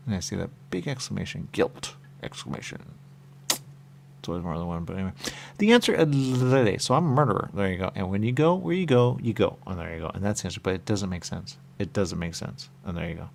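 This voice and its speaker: A man's voice: sits low, animated, brisk, creaky, a little mellow, a little hiss or hum. A man hosting a radio show, talking in a rambling, repetitive monologue that keeps circling back with small chuckles.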